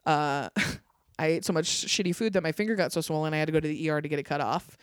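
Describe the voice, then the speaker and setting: A young woman comedian chatting casually on a podcast, telling animated stories, swearing freely and acting out what people said. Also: low-pitched, fast, clear, resonant tone, no echo, studio quality. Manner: animated storytelling, swears freely, acts out quotes. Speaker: stand-up comedian, guest.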